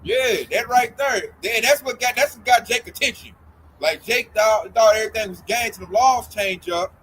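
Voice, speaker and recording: A man leading a casual religious group talk, animated and mocking as he acts out scared people. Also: high voice, normal speed, a little hiss or hum, low-quality recording.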